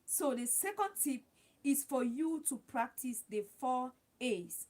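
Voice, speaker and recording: Addressing her viewers as "guys" on a casual livestream, a woman hands out advice and keeps circling back to the same points. Her voice is high-pitched and somewhat dark in tone, with lively intonation, and she speaks slowly.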